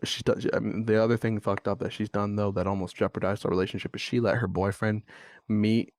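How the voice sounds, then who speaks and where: A man's voice: on the low side, flat delivery, a little fast, a little mellow, no room sound, studio quality. A young man hosting a podcast, talking bluntly and venting about co-parenting, swearing freely and getting exasperated. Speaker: podcast host. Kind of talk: candid monologue.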